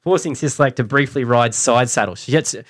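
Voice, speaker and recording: A man's voice: medium pitch, fairly quick. An Australian man co-hosting a casual sports chat, laughing often as he reads out a story. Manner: laughs often while reading out a news story. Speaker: podcast co-host.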